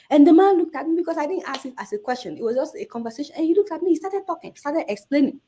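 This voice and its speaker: Animated Nigerian woman telling a story. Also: quick pace, hardly any pauses. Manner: acts out quoted voices with big pitch jumps. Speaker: journalist guest.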